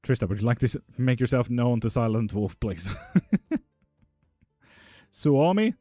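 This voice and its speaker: A young man chats loosely on a home live stream, reading viewer messages aloud and swearing freely as he jokes along. His voice sits at an ordinary male pitch, and the sound is dry and close. Soft music plays faintly behind him. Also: fast, no room sound. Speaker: streamer giving tarot readings. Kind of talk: casual live-stream chat.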